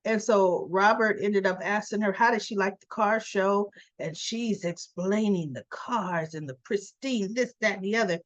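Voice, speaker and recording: A woman's voice: mid-range voice, moderate pace, few pauses, no room sound. A chatty woman recaps soap opera scenes in a casual, tired-sounding way, speaking straight to her viewers. The recording is dry and close. Its sound is slightly dull and muffled. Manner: chatty, retells scenes by acting out the characters' lines; asks viewers questions directly. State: a little tired.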